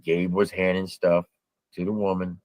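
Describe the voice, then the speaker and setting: A man's voice: low-pitched, little pitch movement, normal speed, a little mellow, dry recording. A man telling a story in casual talk, recounting events step by step in a blunt, drawling way. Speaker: storyteller guest.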